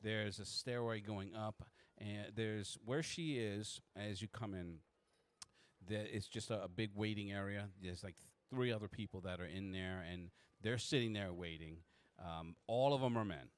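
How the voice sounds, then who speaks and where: A man narrating a tabletop game as game master, with many halting restarts. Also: lowish voice, clean tone.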